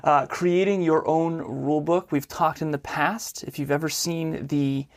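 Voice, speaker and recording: A man's voice: fairly high pitch, steady tone, measured pace. A man co-hosting a relationship podcast in upbeat, enthusiastic casual chat. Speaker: podcast co-host.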